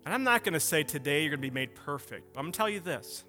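A man's voice: a little high, expressive, fast, pushed and bright, soft background music. A man in his thirties preaching a sermon as pastor, impassioned and full of rhetorical questions.

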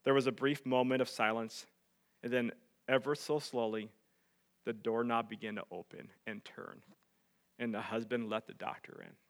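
A male pastor preaching, dropping to hushed tones and rising to loud emphatic peaks as he tells a story. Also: medium pitch, steady tone, normal speed, creaky. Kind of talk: sermon.

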